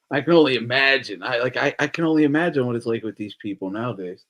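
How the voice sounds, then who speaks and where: Laughing, lively-voiced man chatting loosely. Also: medium pitch. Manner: loose, profane, laughs often. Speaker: podcast host. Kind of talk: casual chat.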